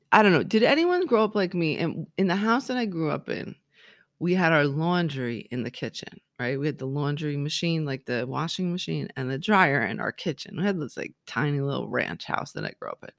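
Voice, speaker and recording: A woman in her forties hosting a casual solo podcast. She rambles in an animated way, with lots of "like" and "right?". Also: low voice. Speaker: podcast host.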